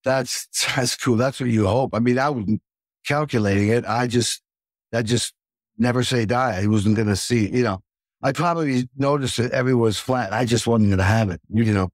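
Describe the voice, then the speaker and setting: A man hosting a casual chat, an animated storyteller who acts out the voices in his anecdotes. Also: medium pitch, normal speed, no echo, studio quality. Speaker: host, session drummer.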